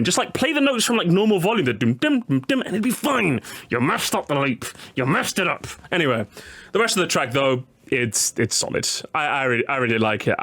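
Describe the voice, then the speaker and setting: A young man chatting casually on a live stream, animated and jokey, talking to his chat. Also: a little high, fairly quick. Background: faint game music.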